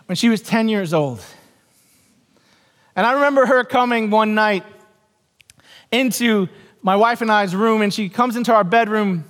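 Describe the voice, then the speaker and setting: A man's voice: high-pitched, a little slow, pauses often, fairly bright tone. A male pastor in his forties preaching a sermon in a church, earnest and repetitive, telling stories. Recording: long hall reverb.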